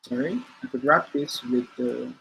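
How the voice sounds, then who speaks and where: A man's voice: medium pitch, moderate pace, creaky, bright, forceful tone, muffled recording, slight background noise. A man teaching a screen-share coding lesson, talking it through off the cuff with frequent fillers and restarts. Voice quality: hesitant, many fillers and restarts while explaining. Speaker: coding instructor.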